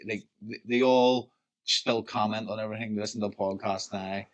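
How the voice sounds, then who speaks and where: A man's voice: fairly low pitch, fairly even intonation, fairly quick, dull audio. A man with a Belfast accent, co-hosting a podcast in laid-back casual chat and swearing freely. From North Belfast, Northern Ireland. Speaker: podcast co-host, DJ.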